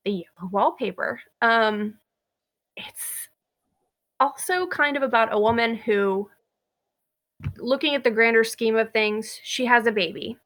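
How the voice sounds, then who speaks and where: A young woman co-hosting a podcast in casual, candid chat. She laughs easily and talks openly. Her voice is bright, sitting a touch high. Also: unhurried, long pauses. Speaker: podcast co-host.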